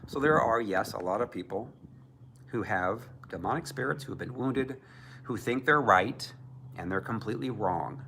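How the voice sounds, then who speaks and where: A man's voice: lowish voice, animated, normal speed, creaky, sharp tone, slight background noise. A man preaching as a Christian minister, emphatic and often mocking others in put-on voices. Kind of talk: preaching to camera.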